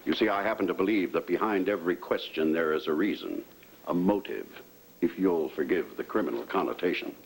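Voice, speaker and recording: A crusty, scheming old patriarch in a daytime soap, his voice very deep and gravelly. His pitch swings widely as he probes and needles in a sly, suspicious way. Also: expressive, brisk, full character voice, rough recording. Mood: probing. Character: crusty older male family patriarch, scheming.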